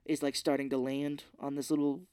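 A man's voice: mid-range voice, level tone, brisk, a little mellow, smooth, no room sound, clean studio sound. A man co-hosting a podcast, recapping a film in a rambling, jokey way. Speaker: podcast co-host. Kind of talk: casual film recap chat.

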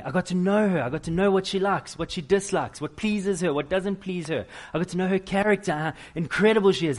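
A middle-aged man preaching a sermon, with animated, self-deprecating storytelling. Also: fairly high pitch. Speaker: pastor.

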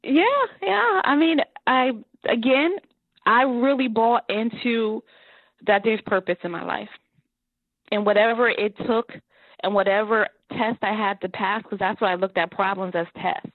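A woman guest telling her life story in an interview, earnest and animated, often laughing. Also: on the high side, unhurried, dry recording. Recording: tinny phone line.

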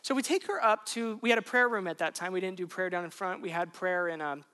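A woman's voice: on the low side, quick pace. Woman pastor telling a story from the pulpit. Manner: conversational, animated storytelling with frequent restarts. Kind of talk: sermon told as a personal story.

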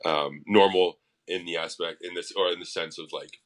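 A man, a musician guest on a podcast, telling stories in a casual, animated way and swearing freely. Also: low voice, moderate pace. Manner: profane, animated storyteller. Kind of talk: casual interview storytelling.

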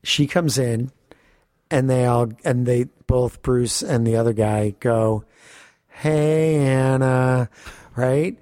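Male podcast co-host, lively casual storyteller, average pitch, dry recording. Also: slow pace, no echo. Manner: animated storyteller, swearing, laughing often. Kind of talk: casual chat.

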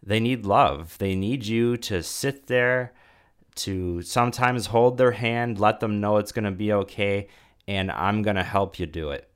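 Slow, very deep-voiced man. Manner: halting, repeats words while thinking. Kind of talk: faith-based conversation.

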